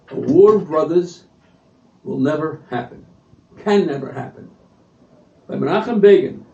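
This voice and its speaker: A man giving an animated storytelling speech at a community event, acting out what people said. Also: fairly high pitch, gravelly. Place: event hall. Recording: distant echoey lo-fi livestream audio.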